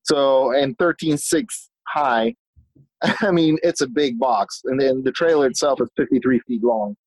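A man telling stories as a guest in a casual conversation, animated and talkative, often restarting his sentences. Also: mid-range voice, measured pace, dry recording, rough recording. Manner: swears casually. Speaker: guest, business owner.

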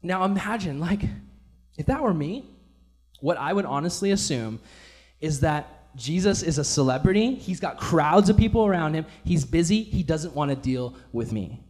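A man's voice: a little high, lively intonation, moderate pace, darkish tone. A man preaching a casual, enthusiastic sermon in a church, often saying "like" as he talks. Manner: casual, enthusiastic, many fillers like "like". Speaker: pastor.

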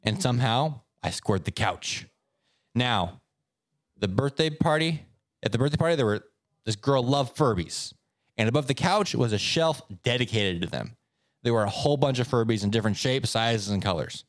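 A man co-hosting a podcast, telling stories in a casual, animated way. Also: normal speed, dry recording, studio quality. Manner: animated storyteller, swoops up in pitch for effect. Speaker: podcast co-host. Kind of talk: casual chat, reading stories aloud.

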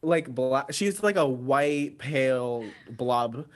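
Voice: medium pitch, animated, slow pace. A podcast co-host in casual chat, giggling often and describing things expressively.

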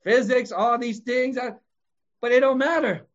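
Passionate high-voiced male preacher. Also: steady tone, unhurried, lo-fi sound. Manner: passionate, swings from shouting to hushed. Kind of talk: sermon.

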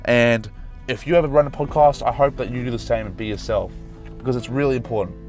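A man rants angrily and passionately into his podcast mic, swearing and then apologizing for getting heated. His pitch sits at an ordinary middle height, and faint music plays behind him. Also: fast talker, darkish tone. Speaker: podcast host and Facebook marketer. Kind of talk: unscripted podcast rant.

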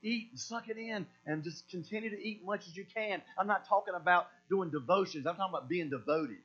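A man's voice: sits high, quick pace, a bit bright. A man preaching a sermon as pastor, emphatic and repetitive, often doubling back on his words. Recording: dull lo-fi sound with mains hum.

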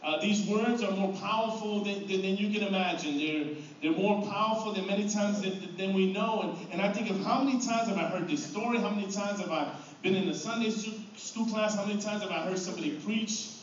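A man's voice: sits high, brisk. A middle-aged man preaching a sermon as pastor, earnest, often repeating words and restarting phrases. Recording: echoey room from far off, dull sound, faint noise.

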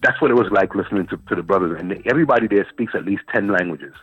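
A man, a guest poet telling a long story in an interview, animated and repeating words as he searches for them. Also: sits low, very fast, husky. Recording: phone-line interview with faint music.

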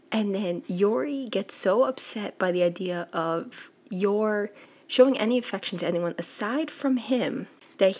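A woman hosting a podcast, casually retelling a manga volume in a chatty, quick way with lots of "like". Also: medium pitch, husky. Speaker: podcast host. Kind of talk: casual book recap.

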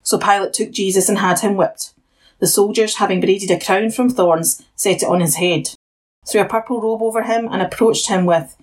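A woman reads a Bible passage aloud as narrator. Her voice is husky and her pace steady. Her pitch sits in the middle of the range. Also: normal speed, poor audio. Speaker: Bible reader. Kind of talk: scripture narration.

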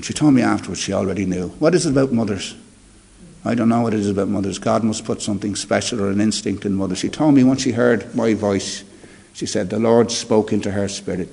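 A man, an interview guest telling his personal testimony in an animated way and acting out the dialogue. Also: on the low side, quick pace, gravelly.

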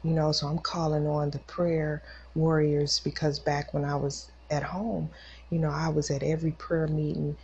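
Woman, low gravelly voice, emotional faith testimony, casual storytelling, dull lo-fi recording with faint hiss. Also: little pitch movement, moderate pace, darkish tone. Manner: emotional, acts out quoted voices. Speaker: podcast host.

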